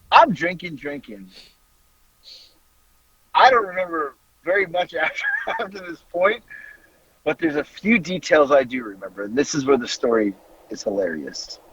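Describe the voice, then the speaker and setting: A man, a podcast host telling a story in a casual, animated way, laughing and swearing freely. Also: a little high, breathy edge, no echo, dull audio.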